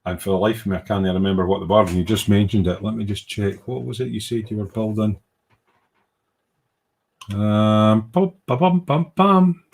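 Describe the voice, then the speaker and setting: A man's voice: on the low side, flat delivery, moderate pace, vocal fry, pauses often, a little mellow. A man hosting a casual livestream about model making. He reads out viewer comments, rambles in a self-deprecating way, uses informal British slang and hums to himself while he clicks around. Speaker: livestream host and hobby model maker.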